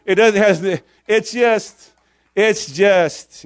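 A man's voice: sits high, takes it slowly, no room sound, clean studio sound. A man preaching a sermon, quoting old-fashioned scripture and firing short questions at the congregation.

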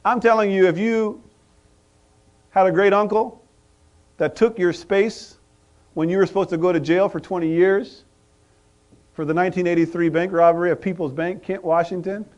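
A pastor with a notably high voice delivers a sermon. He calls out questions to the congregation and waits for answers. His volume swings from loud bursts to quiet asides. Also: fairly even intonation, moderate pace, pauses often, highs cut off. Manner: preaching with call-and-response, rising and dropping in volume.

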